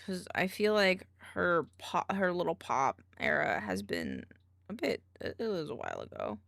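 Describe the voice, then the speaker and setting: Chatty woman streamer with a lively voice. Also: on the low side, moderate pace, creaky, no echo, studio quality. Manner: chatty, mumbling to herself while working. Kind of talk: casual chat while video editing.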